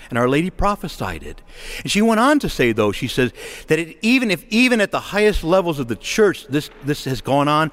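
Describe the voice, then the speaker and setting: A middle-aged man preaching a sermon, impassioned and rising to emphatic exhortation. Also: fairly high pitch.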